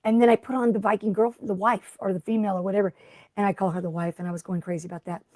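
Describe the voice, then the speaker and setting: A woman's voice: medium pitch, steady tone, racing, mellow, no echo, studio quality. A middle-aged woman hosting a casual craft livestream, rambling and chatty as she greets viewers by name. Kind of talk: casual live-stream chat.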